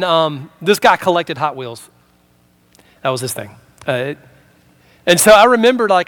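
A man's voice: high-pitched, fairly bright tone. A man preaching a sermon, telling a personal story in a casual, conversational way and acting out the voices in it. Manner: casual storytelling, acts out dialogue. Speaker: pastor.

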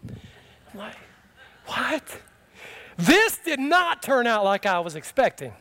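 A man's voice: extremely high pitch, big pitch swings, measured pace, bright, forceful tone. A man preaching a sermon in a conversational, humorous way, telling a story from his own life and asking the congregation questions. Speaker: pastor.

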